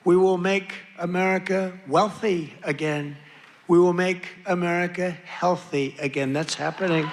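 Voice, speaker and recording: Male politician at a rally: high, gravelly, punchy delivery, boastful and repetitive, faint crowd behind. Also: steady tone, unhurried. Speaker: president giving a rally speech. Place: outdoor or arena rally with a crowd. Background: faint crowd noise.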